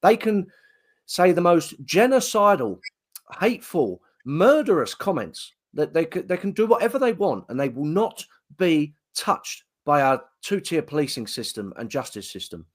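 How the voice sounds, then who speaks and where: A man, a political party leader, answering an interview question with a forceful, rapid run of grievances. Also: a little high, big pitch swings. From Britain.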